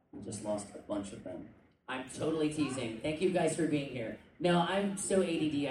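A man talking casually to a convention panel audience, rambling with jokey asides and quick tangents. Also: mid-range voice. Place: indoor convention panel room. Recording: echoey room, distant mic, faint noise.

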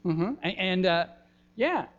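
An older man, a pastor giving a gentle, folksy children's sermon in a church, pausing often with ums. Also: high voice, expressive. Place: church sanctuary. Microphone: handheld microphone. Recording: dull lo-fi church recording.

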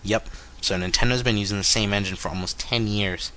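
Bright-voiced man on a casual gaming podcast. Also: on the low side, fairly even intonation, fairly quick, a little hiss or hum. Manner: rambling, jokey, mocks companies in made-up dialogue. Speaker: podcast co-host.

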